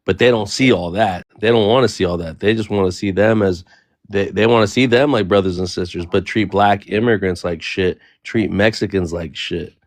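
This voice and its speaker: Low gravelly man, casual panel chat. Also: normal speed, dry recording. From United States, near the Bay Area. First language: Spanish. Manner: rambling, restarts often, laughs easily. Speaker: panel participant. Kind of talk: casual live discussion.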